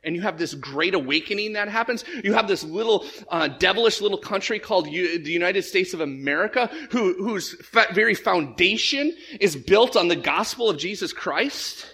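Animated male pastor preaching, high-pitched voice, repeats himself when he starts a sentence. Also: normal speed, few pauses, husky. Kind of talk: sermon.

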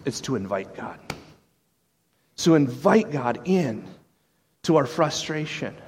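A man preaching a sermon, animated, acting out quoted voices with sudden jumps in pitch. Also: slow, slight background noise. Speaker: pastor.

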